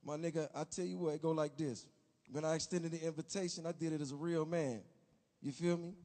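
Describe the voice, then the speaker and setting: A man speaks insistently in heavy street slang, looping back over the same lines to keep the floor. His voice is high for a man. It rings with long hall reverb. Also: steady tone, fairly quick, mellow. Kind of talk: comedic street-talk sketch.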